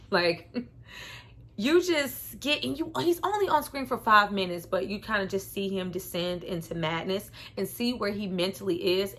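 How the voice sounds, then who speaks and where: Woman film reviewer, casual vlog delivery, slangy and animated, mid pitch. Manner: animated, slangy, laughing between remarks.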